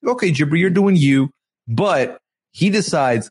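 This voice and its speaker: A man's voice: a little high, moderate pace, husky. A man hosting a casual recap show, telling the story with energy and acting out the people he quotes. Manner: animated storyteller, acts out quotes. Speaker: podcast host.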